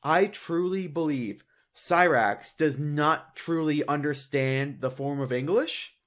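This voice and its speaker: A young man co-hosting a podcast in casual chat, animated, laughing often and doing mocking impressions. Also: a little high, slow pace. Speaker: podcast co-host.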